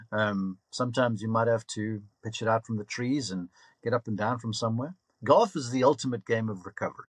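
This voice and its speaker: Fifties guy, golf coach on a podcast, chatty storyteller, mid-pitched, dry close sound. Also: slightly rough, no room sound. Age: 50s. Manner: lively anecdotal storyteller, laughs often. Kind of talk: casual podcast interview.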